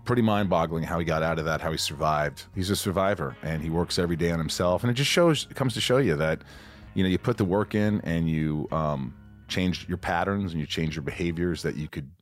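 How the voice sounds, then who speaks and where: Deep-voiced man hosting a podcast. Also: brisk, soft background music. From Kentucky. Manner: enthusiastic, rambling storyteller. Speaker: podcast host. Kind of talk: casual chat.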